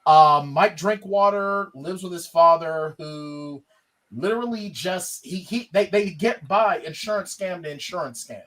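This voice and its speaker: A man's voice: sits high, a little slow, fairly bright tone. A man co-hosting a podcast, chatting enthusiastically about films and rambling a little with fillers. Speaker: podcast co-host. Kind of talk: casual film review chat.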